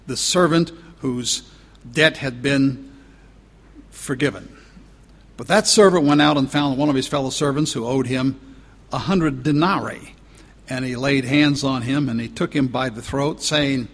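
A man preaching a sermon as pastor, emphatic, slowing down to stretch out key words. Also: mid-range voice, vocal fry, a bit bright, breathy edge. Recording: long reverb of a large hall.

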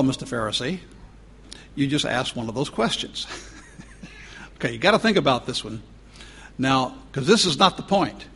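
A male pastor delivers a sermon with a husky edge to his voice, leaning hard on key words and drawing them out for emphasis. The recording carries the long, lingering reverb of a large hall. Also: mid-range voice. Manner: emphatic preaching, stretching key words slowly.

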